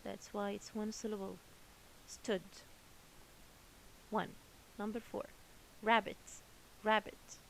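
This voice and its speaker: A woman's voice: mid-range voice, little pitch movement, slow, vocal fry, long pauses, slight background noise, low-quality recording. A woman teaching a children's English lesson, patiently repeating each word twice.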